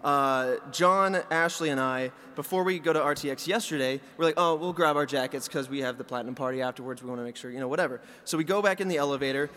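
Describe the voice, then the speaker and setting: Animated man telling a story. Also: fairly high pitch, fast, few pauses, big-room sound. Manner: animated anecdote teller who mimics people. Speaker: podcast co-host. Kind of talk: casual chat, storytelling.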